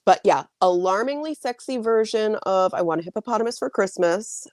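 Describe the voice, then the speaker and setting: A woman's voice: medium pitch, expressive, brisk, a little mellow, no room sound. A woman co-hosting a casual book chat with dry, wry humor and frequent laughter. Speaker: podcast co-host.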